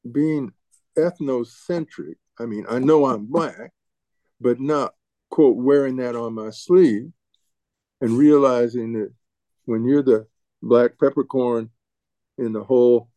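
An older man reminiscing as an interviewee, halting and often restarting and repeating his words. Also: medium pitch, warm tone, no echo. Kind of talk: reminiscing storytelling.

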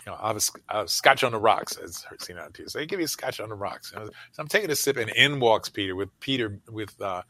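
An older man spins long, meandering anecdotes, his speech full of "you know" and quick laughs. His voice is low-set but bright and forceful. The sound is dry and close, with almost no room in it. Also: animated, no echo. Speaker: interviewee. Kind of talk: casual storytelling.

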